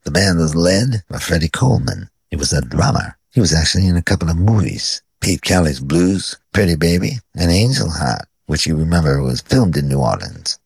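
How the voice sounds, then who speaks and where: A man's voice: low voice, sing-song, moderate pace, gravelly, hardly any pauses, slightly rough, dry recording. A man hosting a radio music show, introducing records with dry, wry narration. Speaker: radio host.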